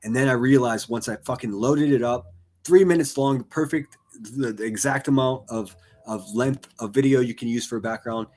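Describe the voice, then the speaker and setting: A man's voice: mid-range voice, moderate pace, darkish tone. A man streaming and commentating, swearing constantly in a crude, mocking rant. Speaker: streamer reacting to other streams. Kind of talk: profane ranting commentary.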